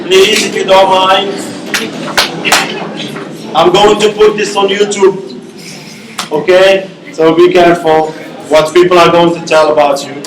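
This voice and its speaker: Male lecturer, high voice, slow deliberate delivery, recorded in a roomy hall. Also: level tone, a crowd in the background. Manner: repeats "okay?" to check understanding, slow and deliberate. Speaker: university lecturer. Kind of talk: classroom lecture. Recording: echoey classroom.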